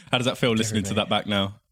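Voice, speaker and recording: A man's voice: on the low side, fairly bright tone, breathy edge. A man hosting a casual comedy podcast, jokey and laughing easily. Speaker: podcast host.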